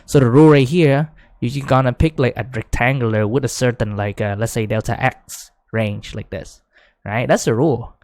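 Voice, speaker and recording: A man giving a casual whiteboard lecture, full of fillers like "right?", growing excited as he explains. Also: medium pitch, normal speed, no echo. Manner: chatty, many fillers, rising excitement when explaining. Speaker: teacher.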